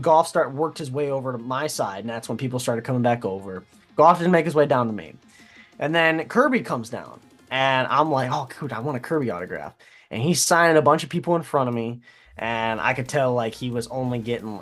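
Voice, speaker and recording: Young man, casual podcast co-host, animated storyteller, faint music behind. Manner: animated, laughing, imitating people in a high voice.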